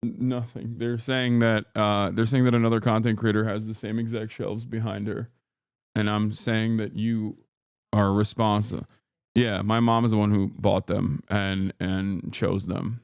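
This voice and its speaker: A man's voice: on the low side, flat delivery, measured pace, a little mellow, smooth, no room sound, clean studio sound. A man streaming and reacting to clips in casual commentary, blunt and profane, rambling with many fillers. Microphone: streaming microphone with noise gate.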